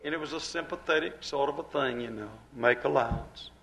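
A man preaching a dramatic sermon, swinging from hushed asides to loud, repeated rhetorical questions. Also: medium pitch, brisk, a little hiss or hum.

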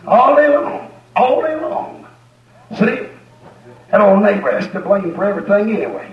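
A man's voice: high voice, big pitch swings, normal speed. A male preacher, delivering a folksy, rhythmic sermon with repeated phrases. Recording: echoey, dull sound from far off.

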